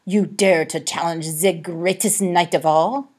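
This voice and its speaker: A woman's voice: fairly low pitch, fairly even intonation, unhurried, a little mellow, slightly rough. Woman doing a grandiose swashbuckling cat knight with a French accent. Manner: grandiose and exclaiming. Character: dramatic male cat playing knight and pirate.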